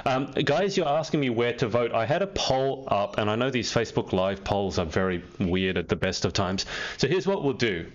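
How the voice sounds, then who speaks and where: A man's voice: medium pitch, expressive, moderate pace. A man hosting a live-stream interview, chatty and teasing, laughing often. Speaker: host. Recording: dull lo-fi stream audio.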